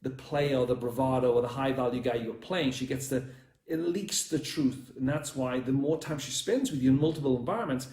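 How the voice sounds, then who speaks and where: A man's voice: medium pitch, a little fast, a little mellow, roomy sound. A man coaching viewers on dating during a live stream, talking bluntly and rambling, swearing freely and calling out to people watching.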